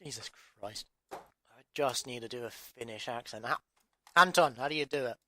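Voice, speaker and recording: A man's voice: medium pitch, moderate pace, sharp tone. An English man reading story narration, redoing lines and muttering in exasperation between takes. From England. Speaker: audiobook narrator.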